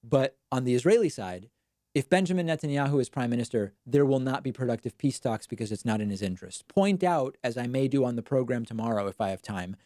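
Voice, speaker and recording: A man hosting a live online show, giving casual political commentary and reading out viewer messages with quick, wry, self-deprecating asides. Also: mid-range voice, warm tone, no echo, studio quality. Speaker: show host.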